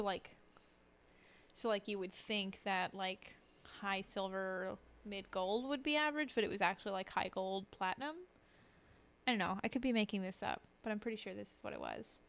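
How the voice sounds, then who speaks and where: A young woman streaming late at night, sleepy and yawning, chatting in a rambling, self-deprecating way at her desk mic. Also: medium pitch. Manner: chatty, self-deprecating, drifting train of thought. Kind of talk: casual rambling stream chat.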